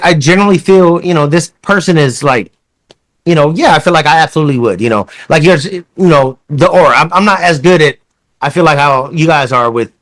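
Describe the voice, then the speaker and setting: Podcast host, male, slightly higher voice, rambling and profane. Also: a bit bright. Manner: rambling, profane, many restarts. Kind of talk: casual chat.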